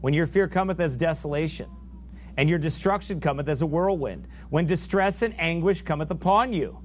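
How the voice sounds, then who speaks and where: A man preaches a fervent, emphatic sermon at normal speed, rising to loud peaks and dropping to low asides as he reads scripture in old biblical language. There's a slight hiss or hum.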